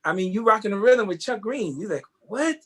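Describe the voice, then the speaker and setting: Brief: man, fairly high voice, animated interview guest, casual storyteller. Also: quick pace, slightly rough. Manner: animated, keeps asking "you know what I mean?". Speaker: guest, tap dancer.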